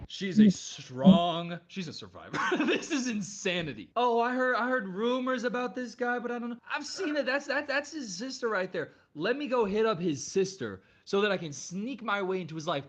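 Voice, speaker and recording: A woman's voice: medium pitch, lively intonation, normal speed, few pauses. A woman hosting a reaction video, exclaiming and ranting in casual commentary. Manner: dramatic and exclamatory, with frequent outbursts.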